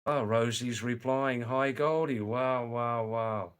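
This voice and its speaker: A man's voice: mid-range voice, fairly even intonation, takes it slowly, a little hiss or hum. A man with an Australian accent hosting a casual live stream, chatting and reading viewer comments aloud. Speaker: livestream host reading chat.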